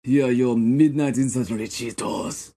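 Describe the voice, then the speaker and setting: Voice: mid-range voice, fairly even intonation, moderate pace, dark tone, slightly rough, natural voice. A podcaster voicing a theatrical, lovestruck army officer in a comic bit. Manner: theatrical, sing-song.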